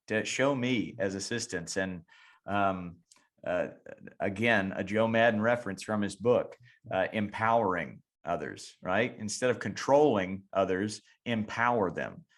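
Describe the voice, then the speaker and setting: A man's voice: medium pitch, a bit bright. A man hosting a coaching podcast, speaking in a reflective, encouraging way. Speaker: podcast host. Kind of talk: casual chat.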